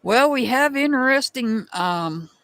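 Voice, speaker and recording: Lady tarot reader on a live stream, slow easygoing talk, chatting with viewers by name, dry close sound. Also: high-pitched, lively intonation, fairly bright tone, no echo. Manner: chatty, calls out viewers by name and thanks them.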